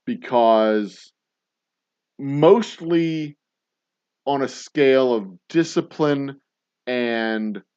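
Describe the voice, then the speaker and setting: A man's voice: medium pitch, a little mellow, clear, resonant tone, lo-fi sound. A man who owns a distillery and hosts a whiskey show, chatting casually with viewers in a rambling, blunt way, swearing freely and chuckling often. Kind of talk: casual livestream chat answering viewer comments.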